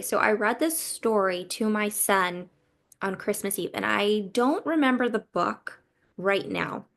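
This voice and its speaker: A woman talks her way through a spiritual card reading in a loose, conversational manner. Her pitch sits in a middle range, and she drifts between thoughts with many pauses and "like"s. It sounds like a relaxed one-on-one reading. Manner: chatty, meandering, with frequent "like" and pauses. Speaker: intuitive card reader.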